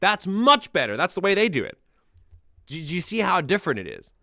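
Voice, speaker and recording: A man's voice: sits high, big pitch swings, brisk, gravelly, sharp tone, dry recording, clean studio sound. A man hosting a casual music analysis, explaining things in a chatty way with lots of fillers and restarts. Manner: hums and sings examples to show rhythm.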